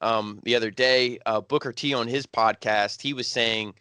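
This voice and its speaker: A man co-hosts a casual podcast with a bright, forward tone. The sound is dry and close, with no room around it. He retells scenes in an animated, loose way. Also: medium pitch, normal speed, clean tone, no room sound. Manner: animated retelling, frequent "like" and "he's like". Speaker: wrestling podcast co-host.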